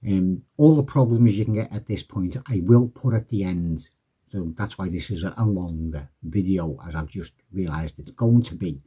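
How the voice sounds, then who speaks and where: A man's voice: low-pitched, normal speed, warm tone, slightly rough. A man casually walking through a card trick tutorial, chatting and acting out the patter he'd say to a spectator.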